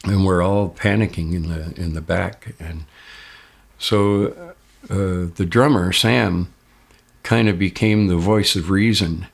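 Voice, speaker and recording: A man's voice: deep voice, steady tone, slow, vocal fry, slightly rough. An older man casually telling a first-person story, jumping his voice up when he quotes others. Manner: raises his voice sharply when quoting others. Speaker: interviewee recounting an experience.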